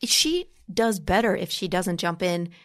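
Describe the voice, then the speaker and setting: A woman's voice: lowish voice, animated, measured pace. A woman from Long Island, New York, with a light Long Island accent, chatting casually and jokingly as a political commentator on a podcast, often restarting her sentences.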